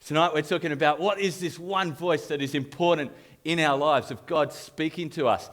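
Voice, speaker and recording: An Australian man giving a humorous live youth talk, telling self-mocking stories in an animated way and chuckling often. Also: on the high side, normal speed. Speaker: youth leader. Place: live youth event on stage.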